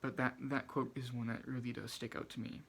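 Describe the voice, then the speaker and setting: A man's voice: medium pitch, level tone, a little fast, slight background noise. Shy, hesitant man reading quotes. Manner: soft-spoken, hesitant, many fillers and restarts. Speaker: book channel host. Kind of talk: reading quotes aloud and commenting.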